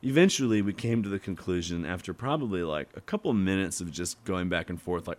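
A man's voice: low voice, fairly quick, hardly any pauses. A man on a casual beer podcast, telling restaurant stories and acting out customers. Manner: animated storyteller, acts out customers. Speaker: podcast guest. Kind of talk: casual chat over beers.

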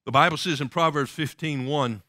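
A male pastor preaching a sermon emphatically and reading scripture in a slow, solemn way. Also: fairly high pitch, pushed and bright, dry recording, clean studio sound.

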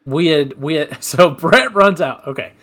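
Animated young man telling gaming stories. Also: a little high, unhurried. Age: 20s. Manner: animated storyteller, laughs while telling. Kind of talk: casual gaming chat.

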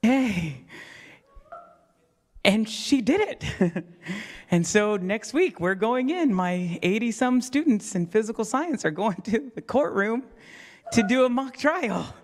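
A man's voice: high-pitched, expressive, takes it slowly, long pauses. A man preaching a sermon as pastor in a church, telling a story with self-mocking humor and acting out voices. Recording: long reverb of a church hall.

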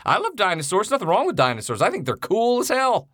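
A man co-hosting a podcast over a video call, talking in an excitable, rambling, joking way. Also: sits high, quick pace, no room sound, clean studio sound. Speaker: podcast co-host. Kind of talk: casual chat.

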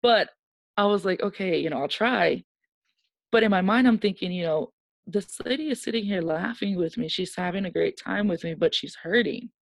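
A woman guest in an interview tells a personal story candidly and emotionally, animatedly acting out the voices of people in it. Her gravelly voice is medium-pitched at normal speed, with no room sound.

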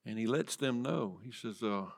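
Male pastor, mid-pitched, dynamic sermon delivery, drops to whispers for effect. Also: normal speed, gravelly. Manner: dynamic preaching, swinging from loud emphasis to soft whispers. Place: church sanctuary.

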